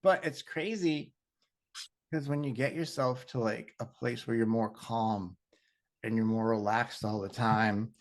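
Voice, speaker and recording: A man in casual spiritual chat, rambling and animated, with many fillers. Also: mid-range voice, unhurried. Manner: rambling and animated, heavy on fillers and acted-out quotes.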